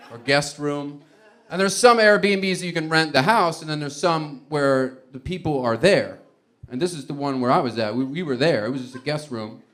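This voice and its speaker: A man's voice: on the high side, fairly bright tone. A man doing stand-up comedy, telling a rambling, conversational story.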